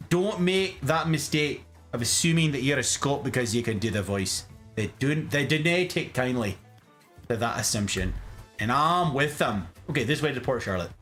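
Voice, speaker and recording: Man, podcast host, casual chat, lively swooping pitch, jokey, faint music behind. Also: moderate pace. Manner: animated, jokey, pitch jumps for emphasis. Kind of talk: casual chat over travel photos.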